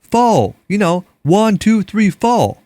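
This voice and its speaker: A man impersonating an excited Texan man with a thick southern drawl, loud and eager, drawing out his words. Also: high-pitched, slow pace, no room sound, voice pushed up, exaggerated voice. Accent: Texas southern drawl.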